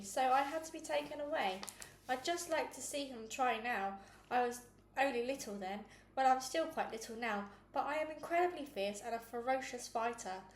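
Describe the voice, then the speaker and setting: A woman reads a children's storybook aloud. Her voice sits fairly high, and she lifts it further for the dialogue. The room echoes, and a faint hiss runs underneath. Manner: lively, acts out dialogue with character voices. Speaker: audiobook reader. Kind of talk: storybook reading.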